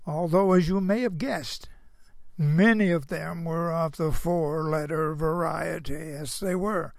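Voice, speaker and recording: A man's voice: a little high, a little slow, vocal fry, no echo, clean studio sound. An older man giving a folksy Christian moral monologue. He rambles, chuckles to himself, and keeps asking the listener rhetorical questions. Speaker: storyteller.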